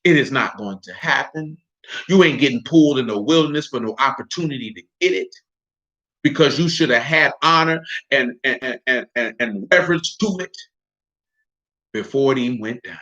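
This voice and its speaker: A man preaching a sermon, teaching scripture in an animated, emphatic, conversational way. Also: mid-range voice, moderate pace. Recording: dull lo-fi recording.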